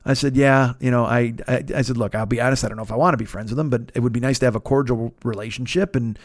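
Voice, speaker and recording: A man's voice: mid-range voice, steady tone, fast, no echo, clean studio sound. A man in his fifties hosting a comedy podcast, telling a long story in a casual, profane way, full of restarts and self-interruptions. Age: 50s.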